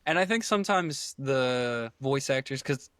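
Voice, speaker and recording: Male podcast host; easygoing rambling chat, mid pitch, dry close mic. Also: measured pace, dry recording. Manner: relaxed, rambling, with hesitations. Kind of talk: casual podcast conversation.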